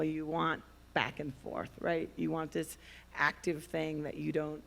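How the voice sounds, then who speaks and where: A woman filmmaker speaking on a festival panel, telling stories in an animated way and laughing as she talks. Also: low-pitched, vocal fry. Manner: animated storyteller, laughs while talking. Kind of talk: panel discussion.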